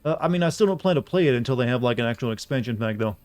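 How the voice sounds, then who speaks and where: A man streaming a video game, chatting casually to his viewers in a flat, deadpan way. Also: medium pitch, rapid-fire. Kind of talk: casual live-stream commentary.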